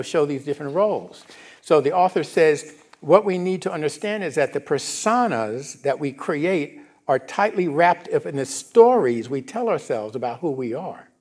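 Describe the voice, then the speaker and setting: A middle-aged male minister giving a conversational sermon in a church, often asking the congregation if they follow. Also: medium pitch. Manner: casual, animated, asks the congregation if they follow. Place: church sanctuary.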